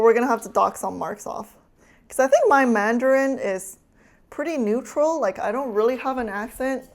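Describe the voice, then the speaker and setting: A woman streamer chatting casually with her chat while cooking, teasing and laughing often. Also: a little high.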